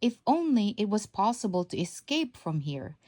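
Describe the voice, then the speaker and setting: A woman reading a storybook aloud, voicing a gentle, weary old father who speaks with a wistful sigh. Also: medium pitch, very animated, normal speed. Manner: sighing, wistful.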